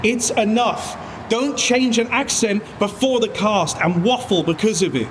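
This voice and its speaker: A man's voice: high-pitched, measured pace, a little hiss or hum. A man earnestly pleading with a colleague, mixing scolding and praise.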